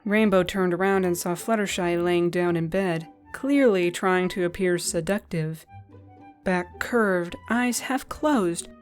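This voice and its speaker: A woman narrating a fan-fiction story in a gentle, even reading style. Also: lowish voice.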